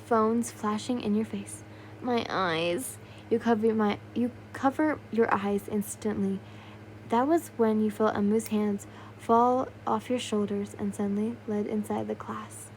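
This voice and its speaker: A woman's voice: medium pitch, measured pace, darkish tone, slight background noise, poor audio. A young woman narrating a fan fiction story in a loose, unpolished way, with yawns, slips and little asides. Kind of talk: casual fan fiction reading.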